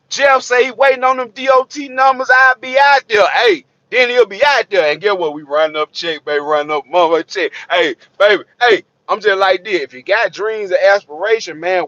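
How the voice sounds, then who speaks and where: A high, sharp-voiced man rants bluntly to camera about trucking money. He swears freely and preaches, circling back over his points again and again. The sound is dry and a bit dull, lo-fi. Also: no room sound. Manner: profane, streetwise, preachy, repeats himself. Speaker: hotshot trucker vlogger. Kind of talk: blunt unscripted rant to camera. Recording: dull lo-fi recording.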